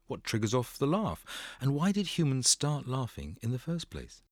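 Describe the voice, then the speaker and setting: A man's voice: medium pitch, wildly swooping pitch, normal speed, no room sound. A man presenting a scripted radio programme with dry, wry humour.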